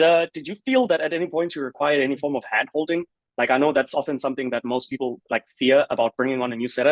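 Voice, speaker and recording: A man interviewing a client over a video call, asking measured questions with frequent "uh" hesitations. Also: mid-range voice, no echo, rough recording. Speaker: host, sales agency founder.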